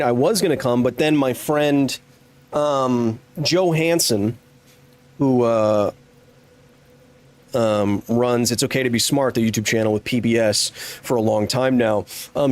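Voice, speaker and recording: A man's voice: mid-range voice, darkish tone. A man in his thirties giving chatty, rambling live commentary while playing a game, with jokey asides to chat. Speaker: streamer.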